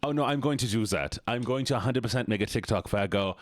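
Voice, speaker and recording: A livestreamer chats casually with his viewers, playful and jokey, slipping in and out of put-on accents and silly voices. His voice is medium-pitched and fast, with no echo.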